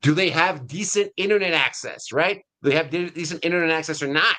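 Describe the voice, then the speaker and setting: A middle-aged man with a US Hispanic accent, hosting a webinar in a casual, energetic way with many fillers and restarts. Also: on the high side, brisk. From Latin America. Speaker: webinar host.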